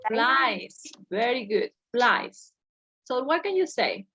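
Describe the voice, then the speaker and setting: A woman's voice: a little high, very animated, slow pace, bright, forceful tone, slightly rough. A woman teaching an English class over a video call, patiently correcting her students step by step.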